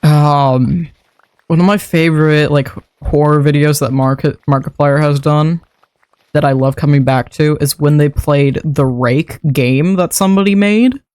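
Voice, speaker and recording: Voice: mid-range voice, fairly even intonation, measured pace, a little mellow, clean tone, no echo. A young adult streamer chatting casually while building in a game, rambling from one story to the next with frequent laughs and the odd swear word.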